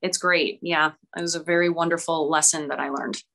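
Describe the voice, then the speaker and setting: A woman shares reflections in a group discussion over a video call. She affirms what others say. Her voice is bright and forceful, set fairly low in pitch. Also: steady tone, brisk. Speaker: group participant.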